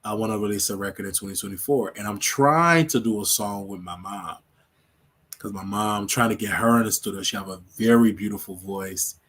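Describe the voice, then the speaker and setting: A man's voice: lowish voice, fairly quick, a bit bright, breathy edge. A man hosting his own show, chatting casually and rambling on a livestream, laughing often. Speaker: show host.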